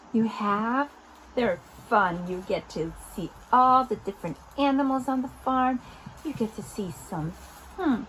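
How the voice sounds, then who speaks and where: A woman hosting an interactive lesson for toddlers, talking directly to small children in an animated, coaxing way. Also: mid-range voice, slight background noise, rough recording. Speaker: children's video host.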